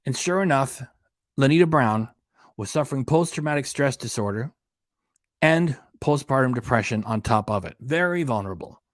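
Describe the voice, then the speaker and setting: A man's voice: medium pitch, animated, moderate pace, dry recording, clean studio sound. A man hosting a reaction channel, ranting in an indignant, emphatic way and hammering home his points. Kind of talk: casual commentary rant.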